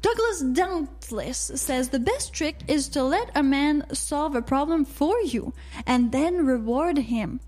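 A woman's voice: sits high, expressive, takes it slowly, hardly any pauses, a little mellow. A woman co-hosting a call-in radio talk show, chatting casually and reading out live chat comments.

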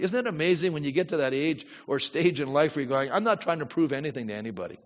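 A man's voice: fairly high pitch, animated, quick pace, few pauses, big-room sound, dull audio. A man pastor preaching a sermon in a conversational way, often asking the congregation questions.

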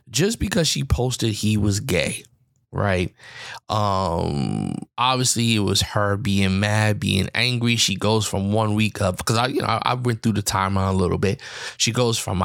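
Guy with a lowish voice going off on his podcast, dry close sound, keeps restarting. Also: dry recording. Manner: heated, repetitive retelling with frequent restarts. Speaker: podcast host. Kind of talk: opinion commentary.

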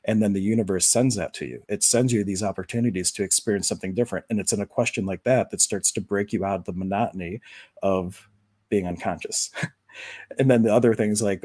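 Man, low voice, mellow dark tone, dry close sound, relaxed rambling stream host. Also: brisk, breathy edge, no room sound. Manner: relaxed, conversational, rambling with fillers. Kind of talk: casual spiritual talk to viewers.

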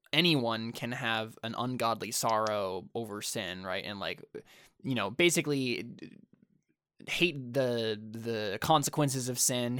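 A young man speaks thoughtfully in a casual podcast chat. He rushes through phrases in bursts and lets his voice fall quiet at the ends. The sound is dry and close. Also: medium pitch, clear, resonant tone, dry recording. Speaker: podcast co-host.

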